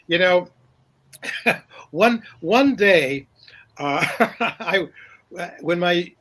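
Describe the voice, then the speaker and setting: A man's voice: high-pitched, lively intonation, very slow, a bit bright. An older man who is a guest in a casual interview, telling rambling stories full of fillers and restarts and chuckling often. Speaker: guest, paranormal journalist.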